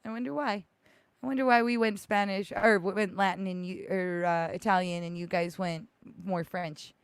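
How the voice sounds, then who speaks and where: An American woman hosts a casual call-in show. She rambles and restarts a lot and breaks into giggles. Her voice sits at an average pitch, recorded dry and close. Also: fairly even intonation, normal speed, clean tone, dry recording. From United States. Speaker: host. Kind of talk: casual live-show chat.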